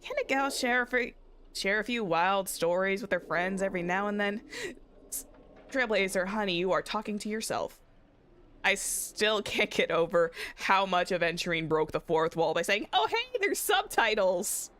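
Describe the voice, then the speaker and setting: A young woman streams a story game, bubbly and full of giggles. Her voice comes through smooth and clean at a middle pitch as she chats and reads lines aloud. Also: normal speed, a bit bright. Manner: giggly and playful. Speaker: VTuber streamer. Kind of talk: casual game-stream chat, reading dialogue aloud.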